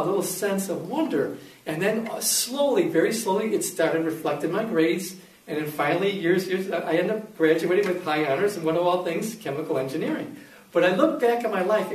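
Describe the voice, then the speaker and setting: High-voiced man telling a story in an echoey room. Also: recorded from a distance. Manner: animated storyteller, acts out quotes. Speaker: speaker giving a faith testimony. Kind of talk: storytelling talk.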